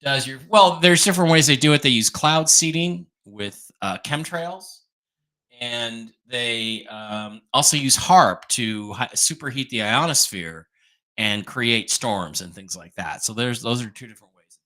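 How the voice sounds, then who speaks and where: Blunt man hosting a bright livestream. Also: mid-range voice, expressive, a little slow. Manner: blunt, dismissive, thinks aloud while fiddling with mic settings. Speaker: livestream host reading viewer questions. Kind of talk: casual livestream chat. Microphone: desk microphone whose level drops as he moves away.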